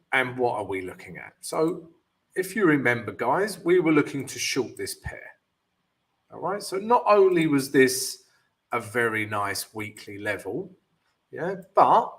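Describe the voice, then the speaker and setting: A male host walks through market charts live and takes questions from chat in a loose, chatty way. He talks slowly, but his pitch jumps around a lot, and he keeps checking in with "guys" and "yeah." It sounds unscripted, like thinking out loud on a stream. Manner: casual, addresses viewers as guys, many fillers. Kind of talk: live chart analysis with viewer Q&A.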